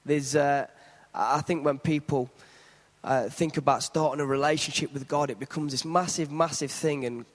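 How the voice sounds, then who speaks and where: Church host with a steady, encouraging delivery, recorded in a reverberant hall. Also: male voice, on the high side, normal speed. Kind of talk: church service hosting and closing prayer.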